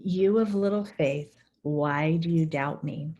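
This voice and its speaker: A calm male teacher who speaks softly and slowly, as a woman puts him on during a Bible retelling. His words come out steady and reassuring. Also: low voice, muffled recording, voice pushed down. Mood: gently chiding.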